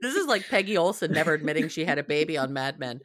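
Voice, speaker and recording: Sarcastic woman co-host with lively pitch. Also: fast. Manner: dry sarcastic quips. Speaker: podcast co-host. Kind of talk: casual recap chat.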